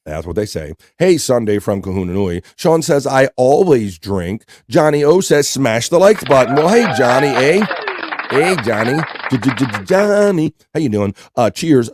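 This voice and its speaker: A man hosting a casual livestream, reading out chat messages and giving playful shout-outs. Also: mid-range voice, noisy background. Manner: reads chat messages aloud and gives lively shout-outs; playful, loose and joking. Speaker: livestream host.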